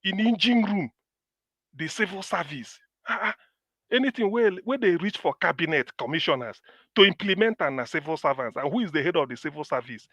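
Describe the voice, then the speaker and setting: A Nigerian man argues politics in an emphatic, insistent way. His voice sits a little high and swings widely in pitch, and it sounds dry and close to the mic. He often repeats words to press a point. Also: expressive, brisk, sharp tone, no room sound. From Nigeria, Anambra State. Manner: emphatic, repeats himself to drive points home. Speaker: political commentator. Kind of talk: casual political debate in Nigerian Pidgin and English.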